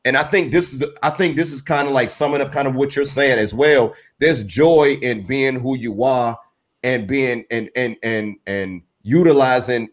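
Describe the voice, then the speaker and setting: A male interview host speaks in at a middling pitch. He rambles warmly in praise of his guest, filling his sentences with "man" and "brother". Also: normal speed. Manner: admiring, rambling, peppered with "man". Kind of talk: casual interview talk.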